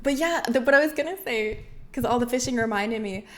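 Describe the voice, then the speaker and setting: A woman streamer chatting casually with her live chat, bubbly and quick to laugh. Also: on the high side, a bit bright.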